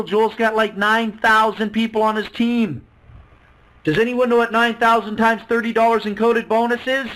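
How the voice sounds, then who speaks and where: Upbeat male webinar presenter, high and bright, hard-selling. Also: poor audio. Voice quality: excitable, salesy, acts out quoted voices. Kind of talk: sales pitch on a webinar.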